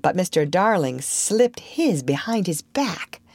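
A woman reading a classic children's book aloud in a lively, expressive storytelling manner. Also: fairly low pitch, takes it slowly, slightly rough, dry recording.

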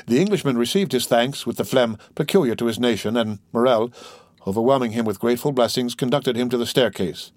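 A man's voice: medium pitch, fairly quick, no room sound, clean studio sound. A man reading a classic novel aloud as an audiobook narrator, evenly and steadily. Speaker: audiobook reader. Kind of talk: scripted narration.

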